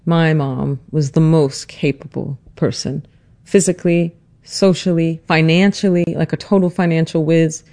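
A narrator telling a family story in a reflective, earnest, measured way, and also interviewing their mother. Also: medium pitch, steady tone, darkish tone, no echo. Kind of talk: personal documentary narration and interview.

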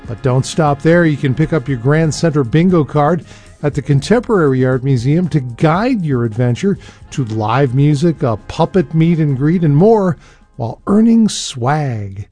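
A man with a fairly high voice reads station announcements and promotions in an upbeat manner. Faint music sits behind him. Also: expressive, measured pace, mellow. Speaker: local radio station announcer.

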